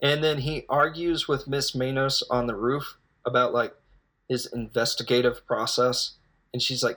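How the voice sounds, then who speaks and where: Bright-voiced man rambling through a film recap. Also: mid-range voice, flat delivery, moderate pace. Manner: rambling, hesitant, joking plot retelling. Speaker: film reviewer. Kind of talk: casual spoken film recap.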